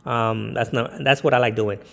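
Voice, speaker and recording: Man, DJ, casual rambling tips, gravelly voice, long reverb tail. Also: mid-range voice, steady tone, moderate pace, fairly bright tone. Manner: rambling, with many ums and jokey put-on quotes. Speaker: DJ giving business tips. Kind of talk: casual talk to camera.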